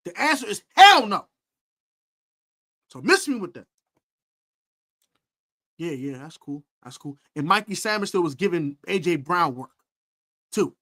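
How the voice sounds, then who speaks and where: A man hosting a football preview, trash-talking rival fans in a boastful, animated way and repeating his taunts. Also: high voice. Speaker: sports podcast host.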